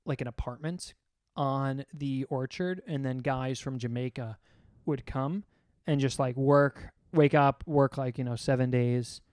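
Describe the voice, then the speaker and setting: A man's voice: mid-range voice, a little slow, hardly any pauses, darkish tone, clean tone, dry recording, clean studio sound. A young man co-hosting a casual podcast chat, telling rambling stories and swearing often. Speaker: podcast co-host.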